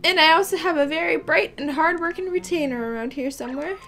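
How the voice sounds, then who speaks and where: A woman's voice: high voice, fast talker, noisy background. A woman reading aloud the lines of a polite young princess from a video game, in close to her own voice.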